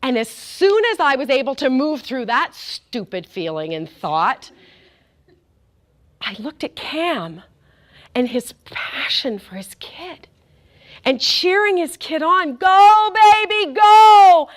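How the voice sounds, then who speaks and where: A woman's voice: high voice, very animated, slow, fairly bright tone. A middle-aged woman giving a faith talk, telling a story with animation and speaking directly to the crowd.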